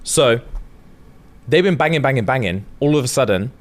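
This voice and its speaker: A young man tells a long story in a loose podcast chat. He jumps into the characters' lines as he goes, full of slang and swearing. His voice sits at an ordinary middle pitch. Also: expressive, moderate pace. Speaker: podcast co-host.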